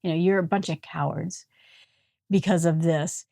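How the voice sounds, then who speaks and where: A woman's voice: deep voice, fairly even intonation, moderate pace, creaky, mellow, no echo, clean studio sound. A woman voicing an indignant male teacher. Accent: Upper Peninsula Michigan. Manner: indignant rhetorical questions. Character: calm adult male teacher rebuking accusers.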